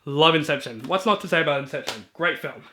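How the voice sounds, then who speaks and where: A man with a high, bright and forward voice walks through his movie shelf in a casual video. He is chatty and eager, dropping ums and quick asides between titles. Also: animated, a little hiss or hum. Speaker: movie reviewer. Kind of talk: casual collection walkthrough.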